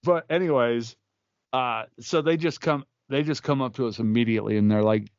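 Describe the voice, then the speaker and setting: A man's voice: mid-range voice, a little fast, gravelly, smooth, no echo, dull audio. A man co-hosting a comedy podcast, telling a rambling anecdote with restarts and acted-out quotes. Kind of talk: casual podcast banter.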